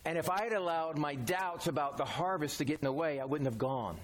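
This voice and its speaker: A man's voice: fairly high pitch, fairly quick. A man preaching a sermon in a folksy, conversational way, using everyday examples. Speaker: pastor.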